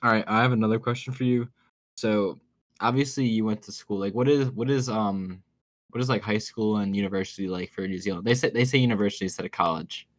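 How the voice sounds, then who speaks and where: A man hosting a podcast, chatting casually and eagerly, quick to tease his guest and ask questions. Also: lowish voice, no echo. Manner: excitable, laughs easily, teasing questions. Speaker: podcast host. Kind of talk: casual chat.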